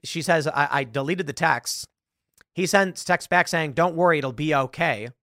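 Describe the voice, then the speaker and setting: A man with a fairly high, voice tells a story in a sarcastic, lively way and puts on the voices of the people he quotes. The sound is dry and close, with no room echo. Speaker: podcast host. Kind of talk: casual commentary.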